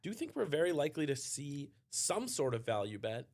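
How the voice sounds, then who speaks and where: A man with a mild Australian accent giving chatty live commentary on a poker tournament, getting excited on big hands. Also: a little high, a little fast.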